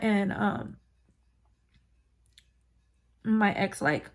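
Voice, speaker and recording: Gravelly, husky woman telling her story. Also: mid-range voice, measured pace, long pauses. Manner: candid, swearing, many fillers. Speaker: vlogger. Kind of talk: personal storytelling.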